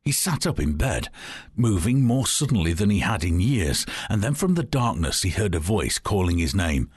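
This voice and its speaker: Deep, husky man telling a story. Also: very animated, normal speed, dry recording.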